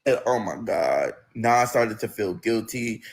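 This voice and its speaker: A man's voice: on the low side, expressive, unhurried. A young man telling a personal story in a casual, profane, emotional way, acting out the other people's lines. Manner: profane, emotional, acts out quoted voices. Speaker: storyteller recounting personal events.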